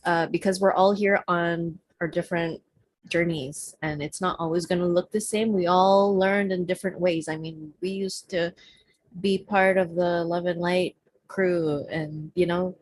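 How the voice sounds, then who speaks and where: A woman co-hosting a casual spiritual talk show over a video call, chatty and relaxed, with frequent fillers. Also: lowish voice, a little slow, no echo. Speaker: podcast co-host.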